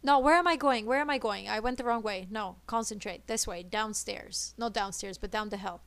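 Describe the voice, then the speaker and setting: A woman streaming a co-op game, chattering nervously and excitedly as she plays. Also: mid-range voice, normal speed, clean tone, no echo. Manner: excitable, nervous, switches between English and Italian. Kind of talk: live gameplay chatter.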